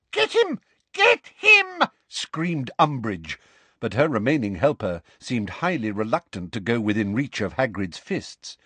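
A man narrating a storybook in an expressive, dramatic reading style. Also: mid-range voice, breathy edge, dry recording. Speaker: audiobook narrator.

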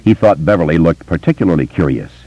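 A man reading an audiobook in scripted narration, expressive and varied. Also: very deep voice, quick pace, husky, no room sound. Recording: dull, muffled dry recording.

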